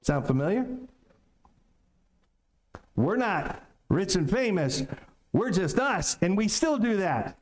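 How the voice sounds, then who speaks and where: A man's voice: sits high, very animated, slow, long pauses. A male pastor preaching a sermon in a small-town church, conversational and joking, with plenty of rhetorical questions.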